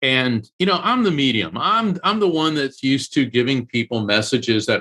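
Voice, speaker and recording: A man guesting on an interview, speaking at a middle pitch. He tells a personal story in an earnest, emotional way, slowing down and speeding up as the feeling takes him. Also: lively intonation, bright, forceful tone. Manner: earnest, emotional storyteller who acts out quoted voices. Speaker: medium and author, guest.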